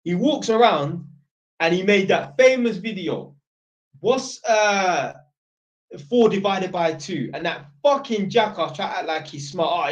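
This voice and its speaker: Blunt rambling man. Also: on the high side. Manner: rambling, blunt, swears a lot. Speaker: streamer. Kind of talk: live-stream chat. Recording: dull lo-fi sound.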